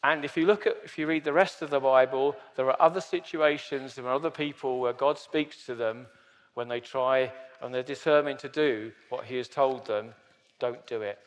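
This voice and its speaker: A man's voice: mid-range voice, steady tone, normal speed, long reverb tail. A man in his fifties giving an earnest, emphatic sermon as pastor. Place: church hall.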